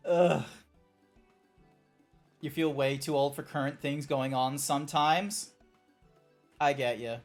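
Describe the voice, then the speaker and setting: A man streaming a video game, chatting casually with an animated, playful manner and exasperated little outbursts. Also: on the high side. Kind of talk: casual gameplay stream chat. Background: faint chill background music.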